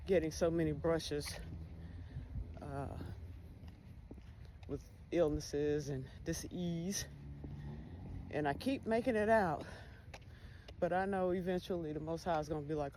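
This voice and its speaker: A woman's voice: low-pitched, takes it slowly, pauses often, mellow. A woman giving a candid personal monologue, blunt and full of cursing as she talks about faith. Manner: blunt, heavy cursing, spiritual talk. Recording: noisy background hiss.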